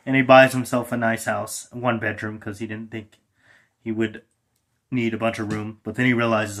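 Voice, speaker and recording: A man improvising a comic story in a playful way, laughing and switching quickly between character voices. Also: medium pitch, fairly bright tone.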